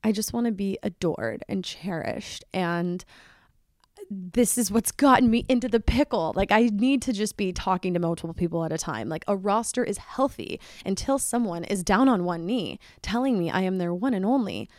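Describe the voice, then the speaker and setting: A woman's voice: medium pitch, moderate pace, dry recording, clean studio sound. A young woman hosting a solo podcast, chatty and full of "like", her voice jumping up when she gets worked up. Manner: chatty, fills speech with "like"; excitable, voice jumps up when worked up. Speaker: podcast host.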